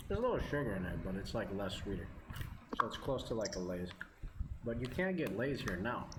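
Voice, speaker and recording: A man vlogging as he eats, chatting casually in a rambling way and chuckling often. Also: on the low side. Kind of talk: casual chat while eating on camera. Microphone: camera mic. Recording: roomy with background noise.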